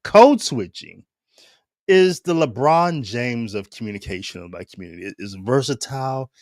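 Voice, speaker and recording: A man from Ohio hosting his own show, talking in animated, casual commentary and laughing often. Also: medium pitch, normal speed, no echo, studio quality. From Ohio, United States. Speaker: show host.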